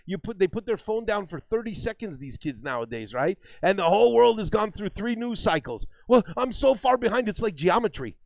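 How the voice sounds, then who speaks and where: High gravelly man ranting profanely. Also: lively intonation, brisk, few pauses, no room sound. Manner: rambling, swearing, repeatedly says "brother". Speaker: streamer co-host. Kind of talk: profane ranting stream chat.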